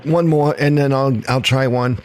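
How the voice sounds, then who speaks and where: A man doing a clumsy, confused impression of an old politician, halting and stumbling over his words. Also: medium pitch, fairly even intonation, no echo, studio quality, pitched below the performer's own voice, lightly acted. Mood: bumbling. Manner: halting, stumbling, self-deprecating. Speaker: comedy podcast host.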